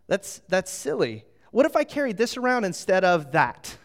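A middle-aged man preaching a sermon as a pastor, animated and storytelling, drawing the audience into a little game. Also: high voice, moderate pace, hardly any pauses. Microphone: handheld microphone.

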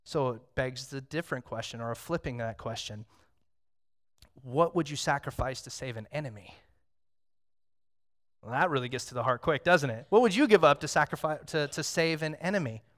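A man in his thirties preaching a sermon as pastor, talking conversationally and telling stories, moving from hushed reflection to loud excitement. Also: mid-range voice, normal speed.

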